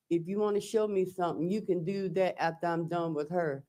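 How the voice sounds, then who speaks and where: A woman testifying as a defendant in court. She reads text messages aloud in a slow, halting, plain-spoken way, recounting each exchange with "I said" and "he said.". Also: on the low side, steady tone, mellow.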